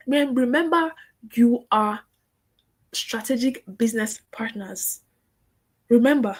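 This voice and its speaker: A woman teaching an online course, animated and repeating points for emphasis while acting out client conversations. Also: a little high, slow, long pauses, slightly rough. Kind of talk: lively teaching talk.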